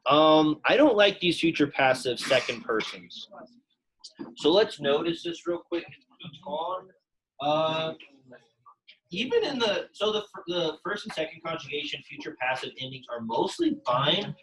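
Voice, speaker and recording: A man's voice: on the high side, expressive, a little slow, a bit bright, rough recording. Casual young male Latin teacher. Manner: casual, chatty, lots of "like" fillers. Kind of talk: classroom lesson. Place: classroom.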